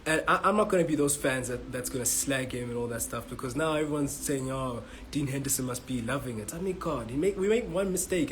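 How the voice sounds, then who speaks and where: A man's voice: on the high side, a little hiss or hum, low-quality recording. A man from South Africa giving a frustrated, swearing match reaction as a football fan vlogger, stumbling and repeating himself. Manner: frustrated, swearing, repetitive restarts.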